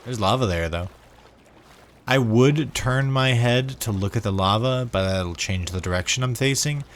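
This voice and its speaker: A mid-range voice at moderate pace, with a little hiss or hum, belongs to a sleep-deprived American gaming vlogger. He rambles casually to his viewers during gameplay, drifting between asides and repeating words.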